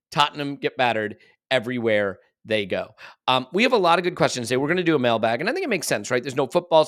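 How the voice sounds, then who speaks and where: An American man hosting a casual podcast chat, rambling along with self-deprecating asides. His voice sits at a middling pitch and is recorded close and dry, with almost no room sound. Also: a bit bright, no room sound. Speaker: podcast host.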